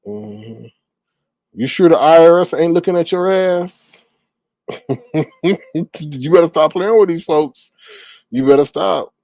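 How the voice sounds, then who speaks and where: A man hosting a casual live stream, reading viewer comments aloud and reacting with sassy, animated remarks. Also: a little high, a little slow, no room sound.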